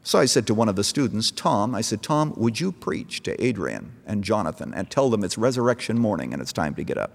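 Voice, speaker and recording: Animated preacher in a large echoing hall. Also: male voice, lowish voice, a little fast, creaky, hardly any pauses. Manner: storytelling preacher, rising to emphatic calls. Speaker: pastor. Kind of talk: sermon. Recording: long echo of a large hall.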